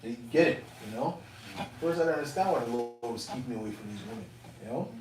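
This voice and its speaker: A man casually telling a personal testimony to fellow believers, animated and profane, with streetwise phrasing. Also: mid-range voice, fast talker, over music. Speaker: elder speaking to fellow believers. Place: indoor camp meeting room. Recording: roomy, distant mic, faint room noise.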